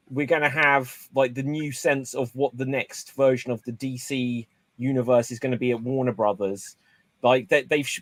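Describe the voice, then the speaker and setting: A man hosting a casual panel chat, talking in an animated, exclamatory way. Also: medium pitch, no room sound. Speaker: panel host.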